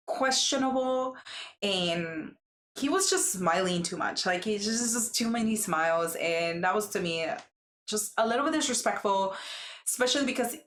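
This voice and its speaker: A woman giving a casual, gossipy show recap, chatty and acting out what people said in lively voices. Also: medium pitch, roomy sound. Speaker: recap vlogger.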